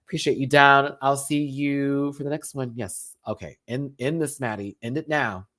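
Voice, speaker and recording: A man's voice: mid-range voice, steady tone, moderate pace, a bit bright. Breathless, unwell man signing off a stream. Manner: affectionate, preachy, calls viewers baby and y'all. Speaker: drag show reviewer and live stream host. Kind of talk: casual live stream sign-off.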